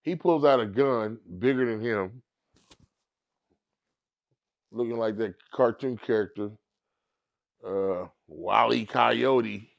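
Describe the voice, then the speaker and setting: A middle-aged man spins a long, loose story in an interview, his voice gravelly with a rough fry at the bottom. He sits at an ordinary pitch and keeps slipping into other people's voices as he goes. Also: slow, long pauses, muffled recording. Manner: animated storyteller who acts out others in high squeaky voices. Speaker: comedian guest.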